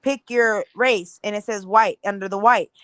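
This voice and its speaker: A woman's voice: medium pitch, fairly even intonation, moderate pace, fairly bright tone, clean tone, no echo. A woman co-hosting a podcast, chatting loosely, laughing often and mimicking other people. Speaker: podcast co-host. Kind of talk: casual podcast chat.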